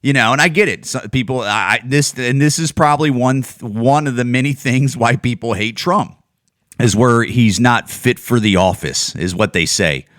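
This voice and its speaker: A man's voice: mid-range voice, moderate pace, a bit bright, dry recording, clean studio sound. Profane rambling podcast guy. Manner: profane, rambling, many restarts. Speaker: podcast host. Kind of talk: casual rant.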